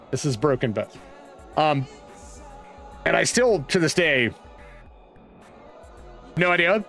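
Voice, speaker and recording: Browsing a map, a vlogger from West Virginia, USA, noted too as being from Virginia, casually tells a meandering story about his childhood, with restarts and side comments. His voice is a little high and a bit bright.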